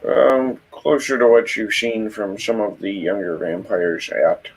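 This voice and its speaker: A man's voice: lowish voice, steady tone, unhurried, breathy edge, poor audio. A man narrating a tabletop game as game master, describing scenes with hesitant fillers.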